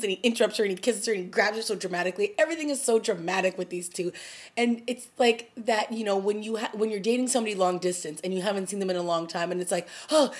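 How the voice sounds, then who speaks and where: A young woman casually reviewing a TV episode as a vlogger, animated and chatty, often laughing and acting out lines from scenes. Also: mid-range voice.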